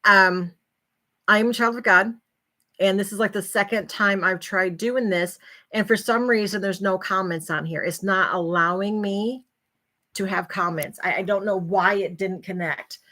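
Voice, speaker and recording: A woman's voice: mid-range voice, normal speed, bright, forceful tone. Sleepy woman rambling on a live stream, keeps saying sorry, middle-aged. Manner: rambling, apologetic, yawning, self-deprecating. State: tired. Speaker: self-help author hosting a live stream. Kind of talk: casual live-stream talk.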